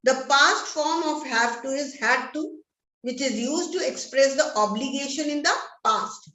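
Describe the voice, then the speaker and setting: A high-pitched woman with an Indian English accent teaches grammar at an unhurried pace. She reads each example sentence aloud and stresses the key words. Her voice carries an echoey room sound. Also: bright, forceful tone. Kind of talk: classroom-style grammar lesson.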